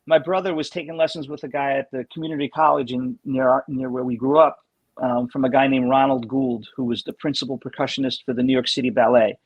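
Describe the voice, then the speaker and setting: A man being interviewed as a guest drummer, telling anecdotes in a casual, animated way and often restarting his sentences. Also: mid-range voice, fast talker, no room sound, muffled recording.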